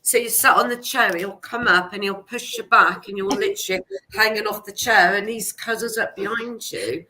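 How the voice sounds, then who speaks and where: A woman's voice: medium pitch, normal speed, sharp tone, low-quality recording. A middle-aged woman in casual chat, telling stories about family pets and laughing as she goes. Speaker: guest healer.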